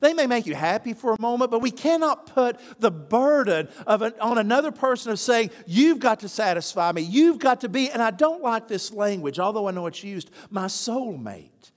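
Een animerende predikant in een galmende kerk. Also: male voice, sits high, normal speed, hardly any pauses, in a large hall. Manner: animated storytelling, acts out quoted voices. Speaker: pastor. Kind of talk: sermon.

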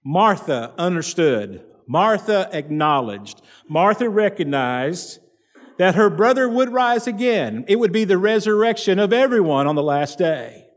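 A man's voice: sits high, sing-song, unhurried, long reverb tail. A man preaching a sermon as pastor, emphatic and driving his points home through repetition, in a church sanctuary. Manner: emphatic preaching with repeated phrases.

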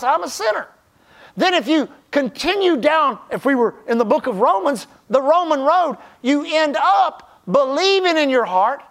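A man preaching a sermon as pastor, stressing key phrases slowly and then dropping to a hushed tone. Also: very high-pitched.

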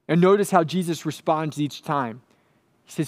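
A male pastor delivering a sermon with an earnest, emphatic drive. His voice sits on the higher side for a man, and he leans on repetition to drive home each point. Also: normal speed, darkish tone. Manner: earnest, emphatic, repeats key phrases.

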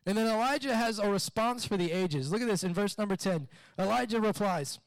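A man preaching a sermon in a conversational, animated way, retelling a story and repeating questions. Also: high-pitched, fairly quick, few pauses, no room sound. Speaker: pastor.

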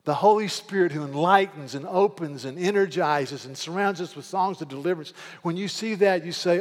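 A man preaching a sermon as pastor, moving from loud, fervent pleading to quiet, low storytelling. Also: a little fast, few pauses, long reverb tail.

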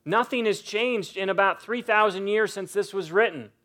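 A male pastor delivering a sermon with a notably high-pitched voice. He speaks earnestly and emphatically, repeating key phrases for weight. He also reads scripture aloud in a slow, dramatic way. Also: pushed and bright.

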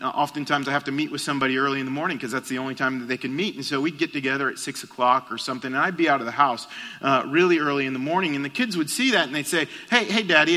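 A middle-aged man preaching a sermon, telling a family story and dropping soft and low at its tender moments. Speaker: pastor. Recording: long hall reverb.

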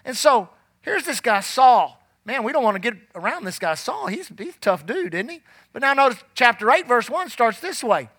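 A man preaching with folksy emphasis, drawing out the scripture he reads aloud. His voice sits high and bright. The sound is dry, with no room echo. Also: big pitch swings, moderate pace. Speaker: pastor. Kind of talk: sermon.

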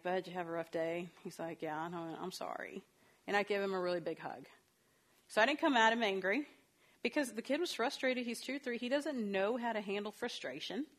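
A woman counselor giving a talk on parenting, telling stories from her own family in a chatty way and acting out the dialogue. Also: medium pitch. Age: adult parent of a young child.

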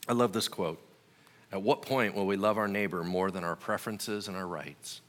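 A man's voice: sits low, brisk, fairly bright tone, big-room sound. A man preaching a sermon as a pastor, telling stories with humor and acting out other people's voices.

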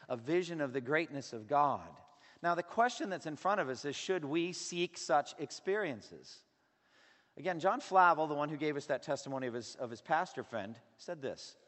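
Male pastor, slightly high voice, emphatic sermon delivery, heard in a reverberant sanctuary. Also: normal speed. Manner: earnest, emphatic preaching with a wide range of loudness. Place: church sanctuary. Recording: long hall reverb.

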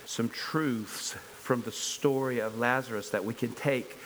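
A man's voice: medium pitch, measured pace, fairly bright tone, slight background noise, poor audio. Earnest man preaching a sermon. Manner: earnest, emphatic, repeats rhetorical questions. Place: church service before a congregation.

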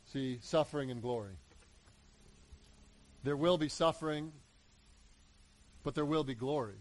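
A man preaching a sermon, animated, acting out voices in the story and building to emphatic peaks. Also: mid-range voice, unhurried, pauses often, rough recording. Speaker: pastor.

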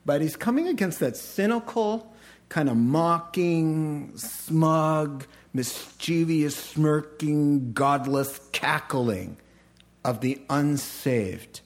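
A man preaching a sermon in a conversational way, with animated asides. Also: on the high side, takes it slowly. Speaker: pastor.

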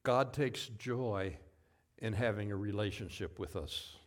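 A man giving a sermon as pastor, telling stories in a relaxed, folksy way with asides and self-corrections. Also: on the low side, measured pace.

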